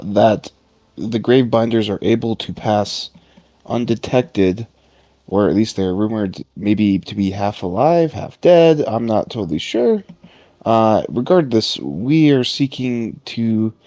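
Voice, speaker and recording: A man's voice: lowish voice, a little mellow, no echo. A man playing a tabletop game, talking casually in a hesitant, questioning way. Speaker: player.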